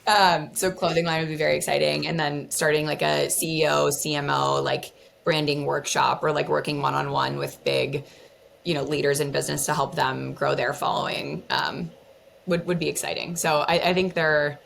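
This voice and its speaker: A woman's voice: low-pitched, flat delivery, moderate pace, gravelly, fairly bright tone, a little hiss or hum. A young woman content creator talking casually as an interview guest, chatty and full of "like". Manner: chatty, lots of "like" and fillers.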